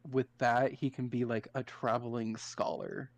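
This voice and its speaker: A man in casual chat, brainstorming game characters in a relaxed, amused way. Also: mid-range voice, unhurried, slight background noise.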